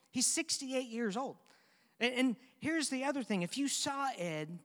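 A man's voice: high voice, a bit bright, long reverb tail. A man preaching a sermon as pastor, telling a story in a conversational way and asking the congregation questions.

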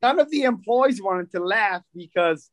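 A man's voice: sits high, lively intonation, normal speed, no room sound. A comedian in a casual chat, telling stories about his gigs.

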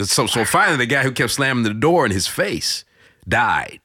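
A middle-aged man from St. Louis with a very deep voice, telling stories animatedly in a casual podcast chat and slipping into voices. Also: normal speed, husky, no room sound, clean studio sound. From St. Louis, Missouri. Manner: animated storyteller, breaks into voices and laughs. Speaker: voice actor guest.

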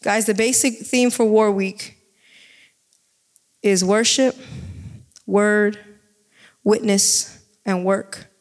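Woman preaching casually to a group, gets all excited and emphatic, chatty testimony vibe. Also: mid-range voice, drawn-out words, pauses often. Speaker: devotional speaker. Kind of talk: informal sermon with personal testimony.

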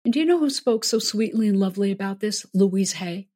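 Woman host chatting, slightly husky voice, lots of mm-hmms. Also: medium pitch, animated, a little fast. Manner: warm and affirming, frequent "mm-hmm". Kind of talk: casual chat.

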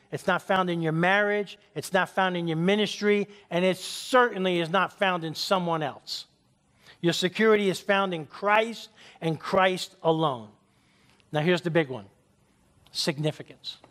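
High-voiced preaching man. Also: normal speed, a bit bright. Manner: emphatic, leads congregation in call-and-response; tells jokes as stories. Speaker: pastor. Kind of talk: sermon.

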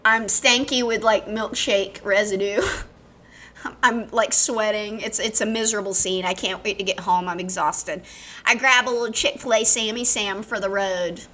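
Woman, podcast co-host, from Alabama, casual chat, playful puns, bright voice. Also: medium pitch, steady tone, measured pace. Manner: playful, punning, self-mocking storyteller.

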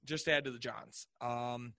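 A man's voice: medium pitch, steady tone, a little slow, gravelly, pushed and bright, no room sound. A man co-hosting a casual podcast, reading out lists with jokey asides and frequent laughter. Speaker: podcast co-host. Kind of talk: casual chat.

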